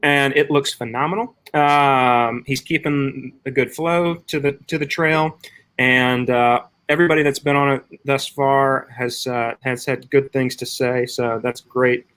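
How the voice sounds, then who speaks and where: A man giving a casual trail club meeting update over a video call, talking in a halting way with many fillers. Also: mid-range voice, fairly even intonation, fairly bright tone, clean tone. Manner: halting, filler-heavy delivery. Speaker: trail club staff host.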